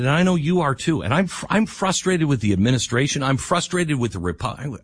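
Fired up radio guy, husky voice, big swings up and down, dry studio sound. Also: very animated, a little fast, few pauses, dry recording. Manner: heated, rising to near-yelling then dropping low. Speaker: radio talk show host. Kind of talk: impassioned political talk radio monologue.

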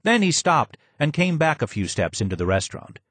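A man narrating a memoir audiobook in an expressive reading with strong emphasis. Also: on the high side, fairly quick, breathy edge, no room sound.

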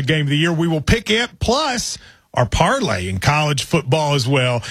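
A man's voice: fairly high pitch, slightly rough, dry recording. A man co-hosting a sports radio show, joking and bantering with his partner. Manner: lively, joking, quick asides.

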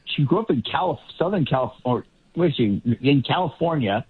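A man's voice: fairly high pitch, expressive, a little fast, slightly rough. Male pundit, rambling and self-correcting, tinny line. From Boston area. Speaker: political commentator. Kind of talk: casual panel discussion.

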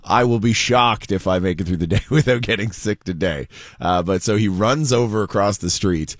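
Low-voiced male radio co-host. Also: dry recording, clean studio sound. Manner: brisk storytelling of news items. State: slightly hoarse throat. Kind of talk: casual radio news chat.

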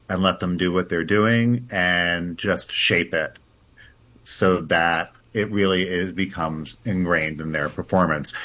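A man's voice: sits low, a bit bright. A man, a theater director, answering interview questions in a chatty way, laughing often and restarting his sentences.

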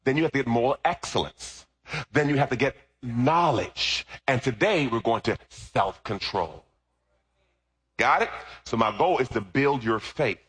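A man's voice: mid-range voice, animated, a little slow, a bit bright, breathy edge. A middle-aged man preaching a sermon, firing call-and-response questions at the congregation. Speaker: pastor.

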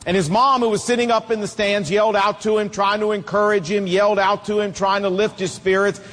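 A man's voice: high-pitched, level tone, a little fast, a bit bright, big-room sound. A middle-aged man preaching a sermon, emphatic and telling stories with acted quotes.

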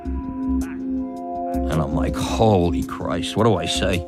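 Man, very low voice, animated storyteller, music underneath. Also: a little fast. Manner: animated, laughing, acts out quoted voices. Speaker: storyteller guest. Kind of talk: personal story told in an interview.

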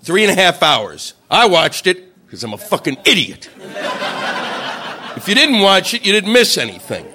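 High, lively stand-up comedian man. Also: normal speed, background noise. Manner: profane, incredulous, acts out voices. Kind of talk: stand-up routine.

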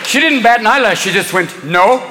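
A man doing a fast, manic stand-up comedy routine, slipping in and out of put-on voices. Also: very high voice, lively intonation, heavy background noise. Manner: rapid, manic, jumps between put-on voices. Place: stage before a large live audience. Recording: live show in a big hall, loud crowd laughter.

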